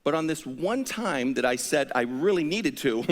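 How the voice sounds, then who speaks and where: A man preaching a sermon as pastor, telling a story with lively, animated delivery that climbs to high-pitched exasperation. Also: slow pace. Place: church sanctuary. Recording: church hall with long reverb.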